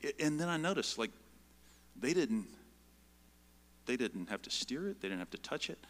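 A very animated middle-aged pastor with a mid-range voice shares a personal story in his sermon, speaking conversationally and checking in with the congregation with a frequent "right?". The sound has a big-room quality.

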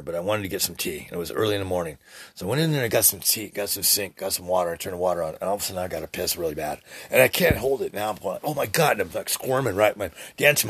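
A man's voice: fairly low pitch, breathy edge, no echo, studio quality. A man in his sixties preaching in a rambling, profane spiritual monologue as a podcast host. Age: 60s.

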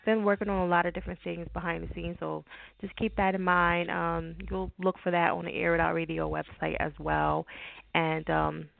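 Woman, radio host, low gravelly voice, slangy casual talk, tinny phone-like sound. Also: level tone, moderate pace, dry recording. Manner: laid-back, slangy, rambling.

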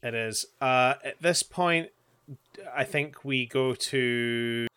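A man's voice: mid-range voice, slow pace, pushed and bright, clear, resonant tone. A man co-hosting a podcast, casually recapping an anime with sarcastic jokes and frequent laughs. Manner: joking, sarcastic, laughs often. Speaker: podcast co-host.

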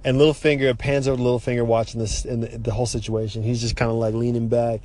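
A man giving a casual, animated spoken recap of a TV episode, exasperated and swearing freely. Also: mid-range voice, fast talker.

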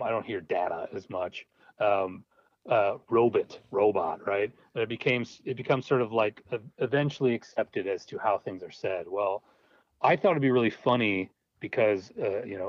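In a dull, dry, lo-fi recording, a filmmaker with a lowish voice is interviewed about the films he writes. He chats casually, laughing as his words trip over each other.

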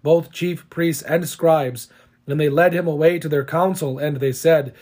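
A man giving a steady, solemn liturgical scripture reading. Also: on the high side, measured pace. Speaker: scripture reader.

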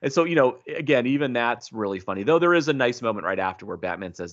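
A man in a relaxed podcast chat about comics, who laughs often and acts out the lines he quotes. His voice sits at a middle pitch. The recording sounds a bit dull and lo-fi. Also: fast talker. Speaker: podcast co-host. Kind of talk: casual comic book discussion.

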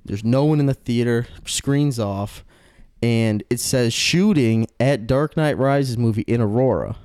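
A young man chatting on a podcast, rambling through a story with lots of fillers and swearing. His voice is mellow and dark, and the sound is dry and close. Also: mid-range voice, unhurried, clear, resonant tone, dry recording. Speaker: podcast host. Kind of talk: casual podcast chat.

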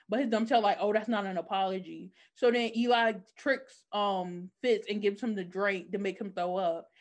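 A woman in casual chat, animatedly retelling a TV episode and acting out the characters' lines. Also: medium pitch. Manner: animated storytelling, acting out quotes in different voices. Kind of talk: casual chat recapping a TV show.

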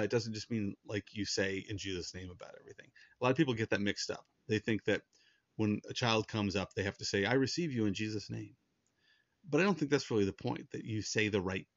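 A man's voice: lowish voice, no echo, lo-fi sound. A man preaching a sermon in an earnest, conversational way, often restarting his sentences. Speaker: pastor.

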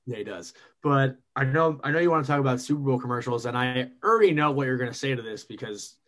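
A man co-hosting a casual podcast, joking and teasing his co-host in quick banter. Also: mid-range voice, lively intonation, fairly bright tone.

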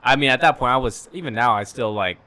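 A young man speaking as a guest, his voice bright and a little forceful. He tells stories in a rambling way, circling back and restarting, at a middle pitch. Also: quick pace. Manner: rambling storyteller with frequent restarts and laughs. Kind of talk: casual chat.

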